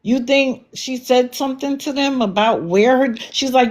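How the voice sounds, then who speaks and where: Woman, livestream host, blunt, scolding, fairly high voice. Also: moderate pace, hardly any pauses. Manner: blunt, scolding, sarcastic rhetorical questions. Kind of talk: commentary livestream.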